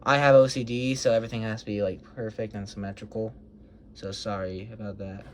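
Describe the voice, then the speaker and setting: A man's voice: fairly low pitch, little pitch movement, a little fast. Teenage boy, casual Lego vlog, rambling, apologetic, giggly, faint background noise. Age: teens. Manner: chatty, self-conscious, apologetic, giggly. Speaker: hobbyist showing Lego models.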